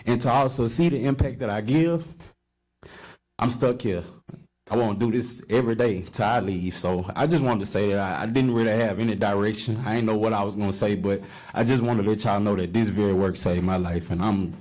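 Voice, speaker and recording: Low, mellow man testifying. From Baton Rouge, Louisiana. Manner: heartfelt, halting, with many "um" pauses. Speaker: community program participant and mentor. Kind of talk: personal testimony at a council meeting. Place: council chamber, speaking at a podium.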